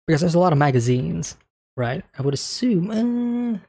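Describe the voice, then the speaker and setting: A man's voice: on the high side, sing-song, moderate pace, vocal fry, darkish tone, breathy edge. A man hosting an anime reaction, talking casually and thinking aloud as he comments on each scene, often checking in with "right?".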